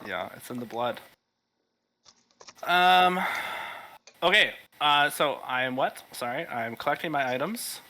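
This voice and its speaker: A man playing a tabletop game, talking in a casual way with hesitant fillers. His voice is bright and forward, and his pitch sits in the middle. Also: lively intonation, unhurried, long pauses. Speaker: player. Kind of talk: tabletop game role-play.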